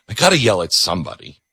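A middle-aged man hosting a talk radio show, emphatic and sarcastic, rising toward near-yelling. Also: lowish voice, big pitch swings, moderate pace, husky, no room sound, studio quality. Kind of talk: opinionated radio monologue.

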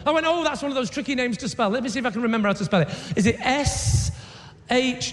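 A man doing a stand-up routine on stage, animated, acting out both sides of dialogues. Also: extremely high pitch, quick pace. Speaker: stand-up comedian. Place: theater stage with audience. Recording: echoey live hall with loud ambience.

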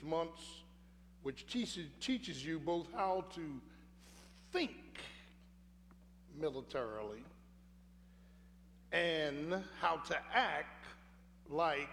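Older male preacher, slow earnest storytelling, long hall reverb, faint hum behind. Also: fairly high pitch. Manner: earnest storytelling with repeated phrases. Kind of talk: sermon with personal story.

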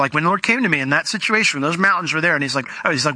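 Male pastor, bright tense voice, dry close sound, emphatic sermon delivery. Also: sits high, rapid-fire, hardly any pauses, dry recording. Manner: animated and emphatic, acting out dialogue with God.

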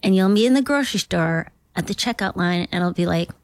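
A woman's voice: fairly low pitch, expressive, brisk, dry recording. A woman from Minnesota, a comedian guest chatting casually in a rambling, self-deprecating way and slipping into voices. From Minnesota, USA. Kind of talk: casual interview chat.

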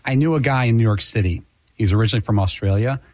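A man co-hosting a sports talk radio show, trading dry jokes and quick anecdotes. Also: fairly low pitch, a little mellow, dry recording. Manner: wry, dry one-liners. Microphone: studio microphone.

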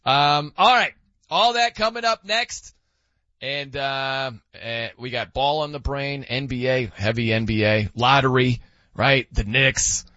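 A man's voice: mid-range voice, a little slow, sharp tone, no room sound. A man hosting a sports radio show, talking emphatically with sarcastic asides, sounding slightly dull. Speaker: sports radio fill-in host. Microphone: studio microphone.

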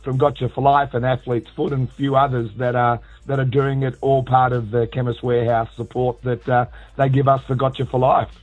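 An Australian man calling in to a radio show, slightly hoarse from a frog in his throat, chatting in an upbeat, matey way with plenty of restarts. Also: medium pitch, level tone, brisk, hardly any pauses. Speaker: charity founder calling in. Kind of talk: casual radio phone chat. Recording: tinny phone line with faint music.

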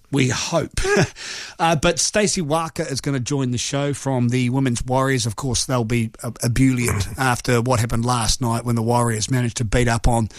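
Chatty New Zealand sports radio host. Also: male voice, mid-range voice, steady tone, moderate pace, no room sound, studio quality. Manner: chatty, joking and self-mocking, rambling with filler words. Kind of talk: casual live radio chat.

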